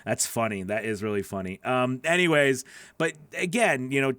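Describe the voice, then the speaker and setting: A man's voice: mid-range voice, moderate pace, a bit bright, clean tone, dry recording. A man coaching voice actors on a live stream, chatty and encouraging as he answers viewer questions into a studio microphone. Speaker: voice-over coach.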